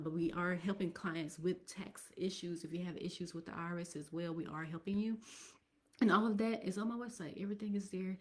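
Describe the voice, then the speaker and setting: A woman's voice: fairly low pitch, a little mellow. A woman hosting a casual business live stream, talking straight to viewers in a chatty way and sometimes dropping to a whisper. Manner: chatty, addresses viewers directly, drops into whispers.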